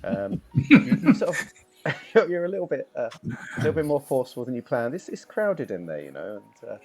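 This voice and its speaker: A man running a tabletop game, narrating in a mid-pitched voice. He talks casually, stopping on fillers and restarts. Soft music plays behind. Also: sing-song, fairly quick. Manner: hesitant, lots of fillers. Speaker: game master.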